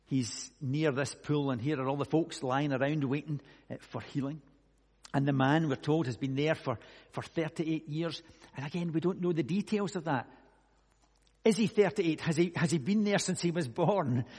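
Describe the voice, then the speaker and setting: Husky preacher in echoing hall. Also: male voice, on the high side, moderate pace. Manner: musing, asks many rhetorical questions, swings between hushed and loud. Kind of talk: conversational sermon. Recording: long echoey hall reverb.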